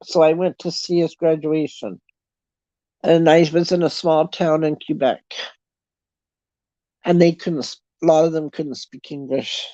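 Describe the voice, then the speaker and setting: A woman's voice: sits low, steady tone, unhurried, pauses often, mellow, no room sound, muffled recording. A middle-aged Canadian woman with a Canadian accent, chatting casually with her viewers, telling stories and laughing often. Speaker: livestream host chatting with viewers. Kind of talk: casual chat.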